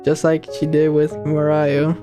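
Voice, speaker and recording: A man casually commenting on a game he plays for the first time, reading its lines aloud and bursting into slangy, excitable reactions. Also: on the high side, measured pace, over music. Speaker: gaming channel host.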